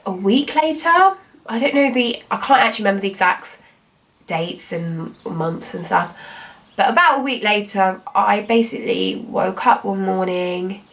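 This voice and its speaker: A woman's voice: medium pitch, a bit bright, recorded from a distance. A woman, telling her own story in a rambling, chatty way, full of "like" and "I was like". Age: 20s. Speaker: vlogger. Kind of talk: casual personal storytelling.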